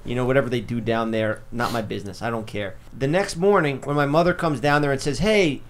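A man hosting a podcast, teasing his guests in casual banter. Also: medium pitch. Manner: teasing, quick back-and-forth. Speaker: podcast host.

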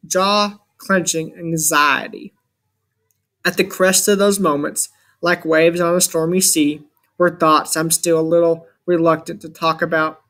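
A man narrates a first-person adventure story as an audiobook reader, measured and dramatic. His voice is a little high, bright and forceful.

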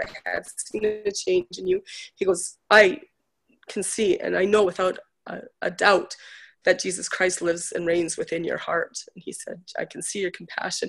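Gravelly woman telling a story. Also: fairly low pitch. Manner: chatty storytelling, retelling others' words. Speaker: guest healer. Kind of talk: casual chat.

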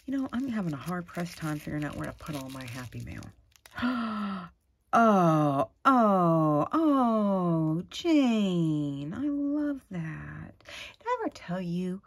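A middle-aged woman, chatting casually and gushing excitedly as she opens craft mail at home. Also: deep voice, vocal fry, husky. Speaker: crafting vlogger. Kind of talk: casual unboxing chat.

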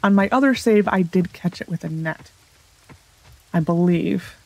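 A woman hosting a let's play, chatting casually and thinking aloud as she corrects herself, recorded on a desk microphone set a little loud. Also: lowish voice, measured pace. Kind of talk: casual gameplay commentary.

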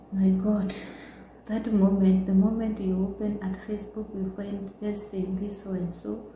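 Vlogger, young woman, earnest and emotional, very slow delivery, echoey room. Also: medium pitch, mellow. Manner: earnest, emotional, repeats exclamations. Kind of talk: personal storytelling. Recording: echoey room with faint background noise.

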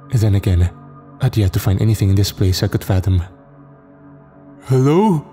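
Low, mellow male horror narrator. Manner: measured, grim first-person telling. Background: faint music.

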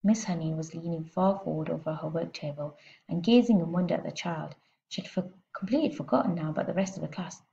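A woman teacher reading a children's storybook aloud with expressive, steady narration, heard on a slightly muffled lo-fi recording. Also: sits low, fast talker, vocal fry.

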